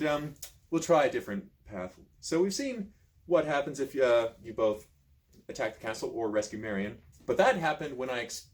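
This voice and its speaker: Animated man reading a gamebook aloud. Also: mid-range voice. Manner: expressive, animated storytelling with asides. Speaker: reader, channel host.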